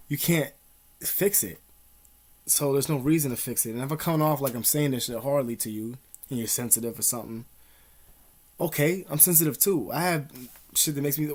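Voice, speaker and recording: A young man giving blunt, profane advice to camera at home in casual street slang, calling the listener "dog" and "man". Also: mid-range voice. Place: at home, dogs nearby.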